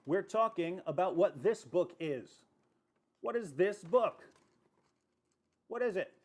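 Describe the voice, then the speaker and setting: A man's voice: high voice, lively intonation, slow pace, darkish tone. A man in a played video clip making an argument through pointed rhetorical questions.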